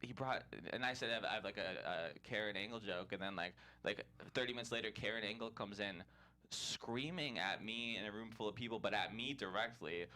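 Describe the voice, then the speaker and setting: A male comedian tells a story on a podcast in a bright, tense voice. He is animated, laughs often and talks with plenty of fillers and restarts. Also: lowish voice, fairly quick. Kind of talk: casual storytelling chat.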